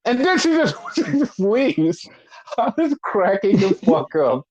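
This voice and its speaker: A man co-hosting a podcast, casually recapping wrestling in animated, profane storytelling that acts out the quotes. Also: high-pitched, normal speed. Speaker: podcast co-host. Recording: dull lo-fi podcast audio.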